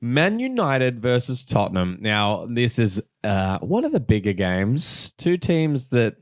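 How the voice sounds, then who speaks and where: A man's voice: mid-range voice, very animated, measured pace, dry recording. Joking man on a dry mic. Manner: jokey, leads the segments; swears casually. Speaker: podcast co-host. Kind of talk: casual chat.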